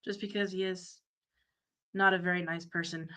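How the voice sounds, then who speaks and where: A woman with a Texan accent and a stuffy nose from a cold, soft-spoken and a little shy in casual chat. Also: on the low side, flat delivery, normal speed.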